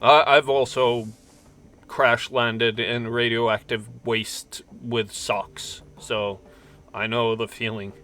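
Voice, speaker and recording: A man's voice: medium pitch, little pitch movement, slow, sharp tone. A man casually commentating a role-playing game, reading the text aloud and cracking jokes. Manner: joking asides, reads game text aloud. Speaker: let's play host.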